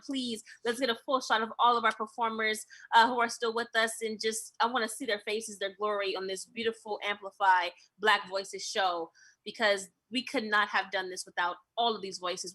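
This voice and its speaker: A woman's voice: a little high, bright, forceful tone. A woman hosting an open mic, wrapping up the show with effusive thanks and easy laughter. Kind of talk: closing remarks at a live-streamed open mic.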